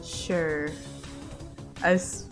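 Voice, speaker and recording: Woman reading a halting young demon. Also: lowish voice, level tone, music in the background. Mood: guarded. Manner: halting, candid answers. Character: Azazel, a young male demon, confused but optimistic.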